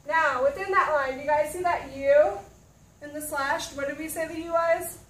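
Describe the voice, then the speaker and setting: A woman's voice: sits high, fairly even intonation, normal speed. A woman teaching a class, talking students through the material and asking them questions as she goes. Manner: checks in with students, asks questions. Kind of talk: classroom lesson. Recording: roomy, from a distance.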